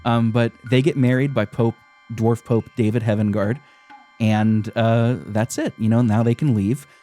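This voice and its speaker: A man's voice: medium pitch, steady tone, a little slow, warm tone, faint music behind. A man hosting a podcast, casually retelling a game's story, laughing often and swearing now and then. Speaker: podcast host.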